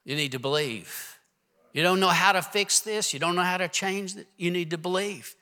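A pastor in his sixties preaches an emphatic sermon in a church hall, leading his congregation in reciting verses. His voice is high-pitched, bright and forceful, at normal speed, with a big-room sound.

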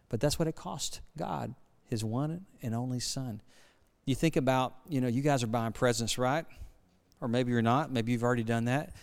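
A man's voice: medium pitch, darkish tone. A middle-aged man preaching a sermon, talking casually and asking the congregation questions. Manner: conversational, asks the congregation questions. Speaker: guest preacher.

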